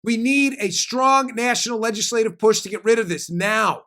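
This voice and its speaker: Emphatic high-voiced male podcast host. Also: normal speed. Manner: animated, emphatic, with frequent fillers. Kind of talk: political commentary show.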